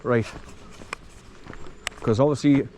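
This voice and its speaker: On an outdoor forest track in the countryside, a man casually narrates his hike, talking chattily to the viewer. He speaks slowly in a mellow, mid-range voice with fairly even intonation, and there's slight background noise.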